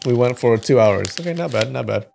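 A man's voice: medium pitch, lively intonation, brisk, gravelly, a little mellow, slight background noise. A man chatting casually and laughing as he wraps up a livestream of folktale readings. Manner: chatty, giggly, thinks aloud.

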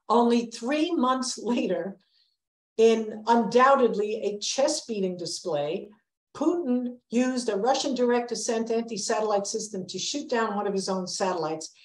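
An older woman giving a prepared public lecture, earnest and emphatic, sounding a warning. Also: mid-range voice. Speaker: public lecturer, planetary scientist. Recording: echoey lecture hall.

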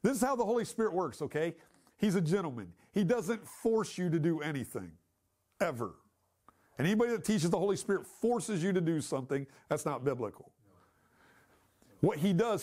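A man with a slightly high, darkish-toned voice teaches a Bible study class at church. He speaks in a conversational yet emphatic way and poses questions to the class.

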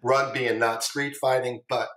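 A middle-aged man with a trading background tells long stories on a podcast, wandering off topic, repeating phrases and swearing casually. His medium-pitched voice has little pitch movement, a normal speed and a fairly bright tone. The casual interview was recorded in an echoey room.

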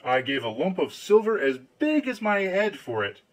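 A man's voice: high-pitched, big pitch swings, moderate pace, pitched above the performer's own voice, rough recording. A man voicing a simple, cheerful young man who is easily pleased, in an eager, naive manner.

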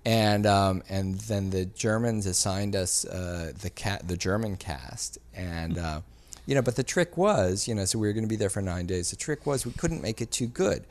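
A man, a filmmaker guest on a podcast, telling a story in a casual, animated way and acting out the people he quotes. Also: fairly low pitch, normal speed. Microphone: studio mic.

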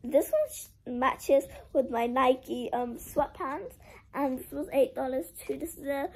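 A woman's voice: sits high, measured pace, a little mellow, slightly rough, low-quality recording. A young girl doing a casual clothing-haul vlog, chatty and full of "like", making a drama of her disappointment. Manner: chatty, heavy use of "like", dramatic about being sad. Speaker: vlogger.

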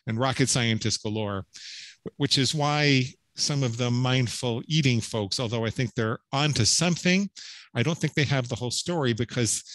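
A middle-aged man speaks as a podcast guest, earnest and emphatic as he works through his story. His voice sits at an ordinary male pitch and is recorded close and dry, with no room around it. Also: fairly bright tone, dry recording, low-quality recording. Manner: earnest, emphatic, with frequent restarts and "right?" tags. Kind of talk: storytelling interview talk.

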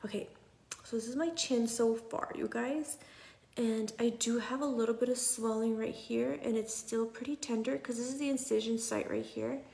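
A young woman talking casually to her phone at home, chatty and often dropping to a soft near whisper. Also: on the high side, steady tone, moderate pace, creaky. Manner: chatty, repeats "you guys", drops to a near whisper at times. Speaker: patient sharing her recovery. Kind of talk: casual selfie vlog. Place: at home indoors.

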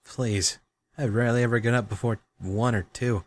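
A man's voice: medium pitch, steady tone, moderate pace. A young man playing a game and reading its dialogue aloud, with dry, wry asides. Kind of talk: let's play with read-aloud dialogue.

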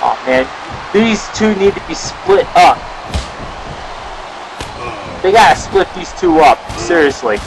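A young man giving excitable amateur play-by-play commentary on a wrestling match, often shouting exclamations. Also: high-pitched, slow, pauses often, over music. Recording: noisy amateur video with crowd.

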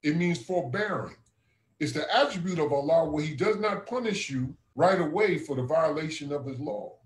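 A man's voice: on the high side, lively intonation, moderate pace, reverberant, rough recording. A man who serves as a regional minister, earnestly telling a personal testimony in a conversational way and often calling his listener brother. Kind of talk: testimony storytelling.

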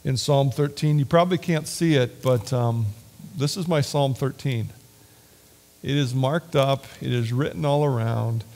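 A man preaching a sermon and leading a prayer in a church, earnest and heartfelt, sometimes sinking to a hushed whisper. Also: mid-range voice, unhurried. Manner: earnest, drops to a hushed whisper at tender points. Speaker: lay preacher. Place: church sanctuary.

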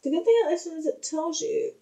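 A woman's voice: very high voice, huge pitch swings, quick pace, vocal fry, mellow, rough recording. A young woman chatting casually in a home vlog, rambling with many fillers and hesitations. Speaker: vlogger.

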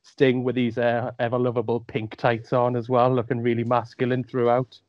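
A man's voice: medium pitch, completely flat delivery, moderate pace, dry recording. A man with a mixed Geordie and Welsh accent chatting as a podcast guest, jokey and wry as he talks. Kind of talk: casual chat. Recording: dry, dull lo-fi sound.

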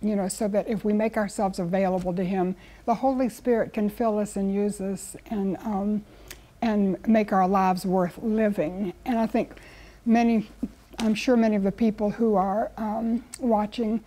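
Earnest and conversational, a guest Bible teacher tells stories and acts out quotes as she teaches. Her mid-range voice has a dark, steady tone, and she keeps a moderate pace.

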